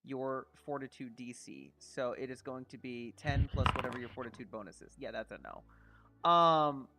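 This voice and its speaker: A man's voice: medium pitch, moderate pace, very noisy. A man running a tabletop game as game master, narrating casually with plenty of swearing. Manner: casual, swearing, laughing often.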